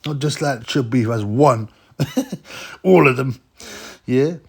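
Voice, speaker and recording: A man rambles through casual boxing commentary with a gravelly, fry-laden voice. He is blunt and mocking, and his pitch sits in an ordinary middle range. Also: lively intonation, slow pace. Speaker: boxing vlogger.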